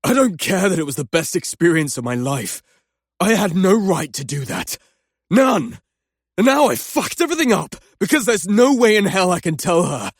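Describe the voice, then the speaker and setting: A man's voice: high-pitched, sing-song, moderate pace, no echo, clean studio sound. An actor playing an anguished young male doctor, ranting in guilt and swearing at himself in an audiobook. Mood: guilt-ridden. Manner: swearing outbursts, self-loathing rants. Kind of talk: audiobook character acting.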